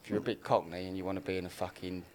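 A man's voice: low-pitched, level tone, very fast, a little mellow, a little hiss or hum. A man, a podcast guest talking in a laid-back, rambling, sweary way. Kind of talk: casual podcast chat.

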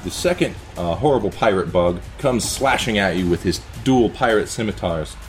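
A man's voice: lowish voice, animated, moderate pace, faint music behind. A man narrating a tabletop game as game master, playful and vivid.

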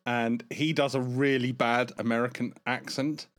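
A man's voice: medium pitch, fairly even intonation, moderate pace. A man with an English accent, a podcast guest chatting casually and hesitantly, often stammering. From England. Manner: hesitant, self-deprecating, stammers. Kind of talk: casual chat.

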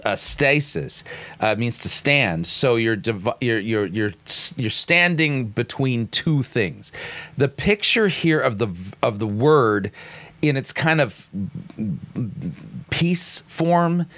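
A man's voice: medium pitch, expressive, takes it slowly, fairly bright tone, no echo. A man critiquing a sermon clip, reading scripture aloud and explaining Greek words with frequent restarts.

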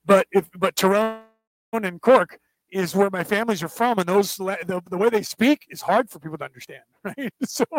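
A man's voice: high-pitched, no echo, rough recording. A man hosting a class, talking in a rambling, digressive way, restarting words and checking in with his listeners. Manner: digressive, keeps checking in with "right?" and "okay?"; restarts and repeats words often. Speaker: class host. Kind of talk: rambling spoken lecture.

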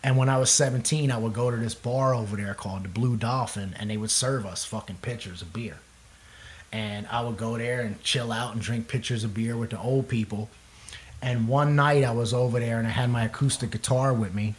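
A man's voice: mid-range voice, steady tone, fairly quick. A young man, a musician, telling a long rambling story in casual chat, swearing freely and laughing often. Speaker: guest musician.

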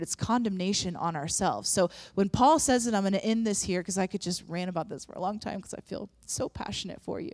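A woman's voice: mid-range voice, a little mellow, no room sound. A woman preaching a sermon and leading prayer in an earnest, conversational way, with frequent restarts. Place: church room with audience.

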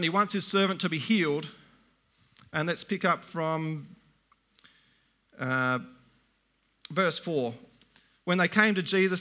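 A middle-aged man preaching a sermon, reading scripture slowly and deliberately, then explaining it in plain, conversational asides. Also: a little high, bright, forceful tone.

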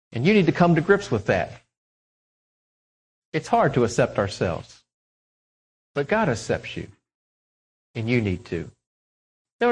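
Animated preaching man, lively pitch. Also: poor audio. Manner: dynamic preaching, swinging from loud emphatic peaks to soft hushed lines. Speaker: pastor. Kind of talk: sermon.

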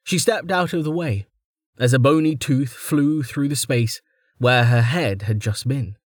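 A man's voice: medium pitch, a little slow, no echo. A man narrating a fantasy audiobook with dramatic storytelling, close to the mic. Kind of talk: scripted narration.

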